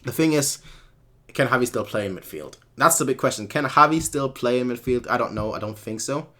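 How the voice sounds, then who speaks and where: A man's voice: medium pitch, fairly quick, bright, forceful tone. A man from Munich hosting a fan live stream, answering viewer comments in a rambling way and repeating words as he corrects himself. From Munich, Germany. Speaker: fan channel host.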